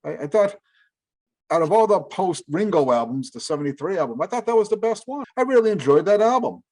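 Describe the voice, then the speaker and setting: A middle-aged man co-hosts a casual music podcast, his voice sitting high, animated, brisk, and slightly mellow. He rambles enthusiastically about albums, correcting himself as he goes.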